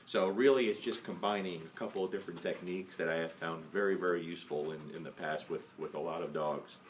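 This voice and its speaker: A dog trainer calmly explaining each step of a training method, patient and often checking in with "okay?". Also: male voice, deep voice, fast talker. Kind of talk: casual instructional demo. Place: indoors at home with a dog. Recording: faint background noise, mic at some distance.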